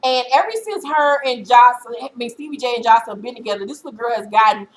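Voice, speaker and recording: A woman vlogger in her thirties giving a blunt, profane, animated recap of a reality show episode. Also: on the high side, fast, rough recording.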